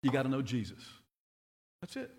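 A man's voice: mid-range voice, huge pitch swings, fairly quick, gravelly, a little mellow. A middle-aged man preaching a sermon, telling stories earnestly and often repeating his words.

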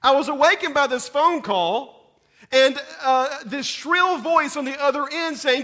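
A man, preaching a sermon that moves between scripture reading, prayer and lively storytelling, often repeating words as he goes. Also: unhurried. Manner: animated storyteller, repeats words, rises in pitch and volume at dramatic moments. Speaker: pastor.

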